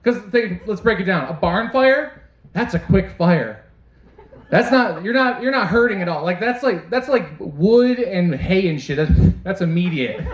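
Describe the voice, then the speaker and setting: A man's voice: high-pitched, expressive, unhurried. A young man doing a stand-up comedy set on a club stage, crude and self-deprecating, talking straight to the crowd. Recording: roomy, dull club recording. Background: audience laughter.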